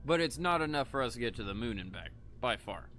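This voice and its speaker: Young male streamer, bright forceful voice, rambling laid-back game commentary with faint music under it. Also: mid-range voice, expressive, fast. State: coughing between lines. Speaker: gaming streamer. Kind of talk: casual livestream commentary.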